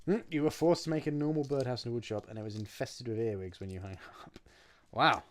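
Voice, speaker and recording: A man's voice: medium pitch, brisk. Chatty man crafting on stream. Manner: chatty, self-mocking, reads chat aloud and answers. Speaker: streamer building props. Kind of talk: casual live-stream chat while crafting.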